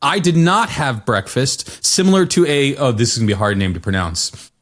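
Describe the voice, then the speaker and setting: A man's voice: mid-range voice, animated, brisk, a bit bright. A man co-hosting a podcast in a casual discussion, musing aloud, restarting sentences and posing questions. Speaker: podcast co-host.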